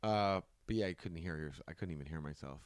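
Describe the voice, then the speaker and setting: A young man in casual podcast chat, telling lively anecdotes and slipping into quick put-on voices. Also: low-pitched, no echo, clean studio sound. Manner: animated storyteller, puts on voices in anecdotes.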